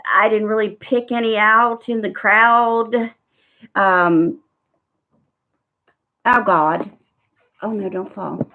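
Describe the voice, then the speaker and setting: A woman reading tarot cards in a casual live-stream chat, talking in a rambling way with frequent fillers. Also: medium pitch. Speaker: tarot card reader. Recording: tinny phone-like sound.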